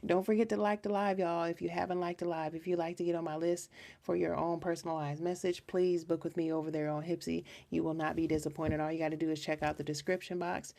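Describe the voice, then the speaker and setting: A woman's voice: fairly low pitch, level tone, fast, gravelly, mellow. A woman hosting a live tarot reading, talking in a chatty, earnest, rambling way with lots of restarts. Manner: earnest and emotional. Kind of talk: casual live-stream reading.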